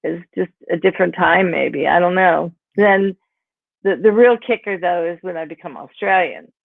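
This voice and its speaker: A woman's voice: on the low side, normal speed, vocal fry, no room sound. Woman in her sixties on a tinny call. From Pennsylvania, USA. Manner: rambling, filler-heavy, with frequent "you know" and "like". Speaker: author interviewed about her memoir. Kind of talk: casual conversational storytelling. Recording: tinny phone-like call audio.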